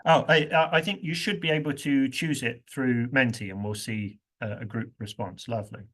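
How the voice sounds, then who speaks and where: A man presents an interactive university workshop in a steady, medium-pitched voice that's a bit bright, at a moderate pace. Playful throughout, he laughs often and acts out example phrases, hitting the stressed words.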